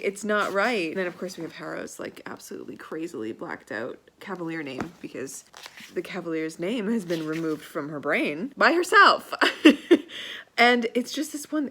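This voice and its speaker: A woman book vlogger chatting casually and excitedly, rambling and reading passages aloud. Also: mid-range voice. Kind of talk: casual reading vlog chat.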